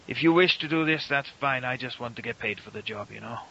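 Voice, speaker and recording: A man's voice: medium pitch, fast, vocal fry, bright, forceful tone, muffled recording, a little hiss or hum. A man, playing a blunt, money-minded character in a tabletop role-play game. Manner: blunt, mercenary, questioning. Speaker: player.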